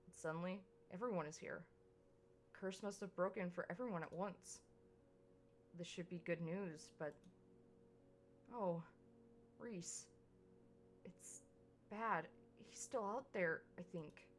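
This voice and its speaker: A woman's voice: on the low side, slow pace, long pauses, slight background noise. A woman streamer reading a visual novel aloud in a casual way, often stumbling over words and correcting herself.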